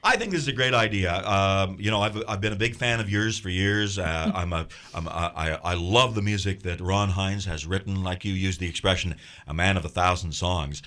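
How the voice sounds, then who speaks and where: A male radio host chats his way through a friendly studio interview. His voice is on the low side but bright and forceful. He banters easily with his guest. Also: normal speed.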